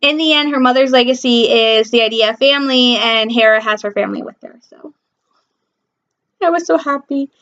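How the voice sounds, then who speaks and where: A woman from Michigan hosting a pop culture news vlog, gushing excitedly about shows with lots of ums. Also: on the high side, fairly quick, highs cut off. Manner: gushing, excitable fan talk with many ums. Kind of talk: casual chat.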